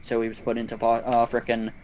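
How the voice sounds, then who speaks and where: A man's voice: medium pitch, quick pace, slight background noise. A man streaming a game, telling a long anecdote in casual chat, with lots of swearing and voices for the people in his story. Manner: profane, animated anecdote-telling with quoted voices. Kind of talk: casual storytelling while gaming.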